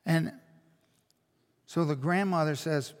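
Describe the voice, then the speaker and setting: A man's voice: fairly high pitch, slow pace, in a large hall. A man preaching a sermon as a pastor, telling a story with earnest, emphatic repetition. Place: church.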